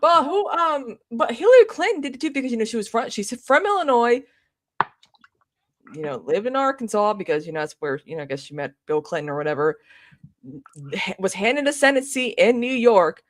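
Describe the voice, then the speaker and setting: A woman's voice: on the high side, dry recording. A young woman from the American South co-hosting a podcast, chatting about politics with sarcastic asides. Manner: animated, sarcastic, quick asides. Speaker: podcast co-host. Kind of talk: casual political chat.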